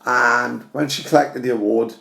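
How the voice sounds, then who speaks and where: A man's voice: medium pitch, fairly even intonation, normal speed, gravelly, bright, forceful tone. A man, co-hosting a casual chat, telling stories and swearing freely. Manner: storytelling, swears freely, acts out quotes. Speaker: podcast co-host. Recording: roomy echo.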